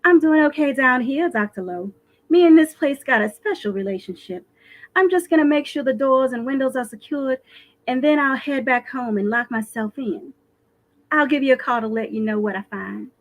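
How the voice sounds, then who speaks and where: A woman reading aloud, voicing a young female school caretaker who talks urgently and a bit higher. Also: moderate pace. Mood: reassuring.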